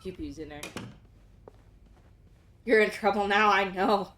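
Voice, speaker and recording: A woman streaming a game in casual commentary, excitable, with gasping outbursts that drop into mutters. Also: medium pitch, measured pace. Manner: excitable, gasping exclamations, swings between loud outbursts and mutters. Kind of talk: casual let's-play commentary.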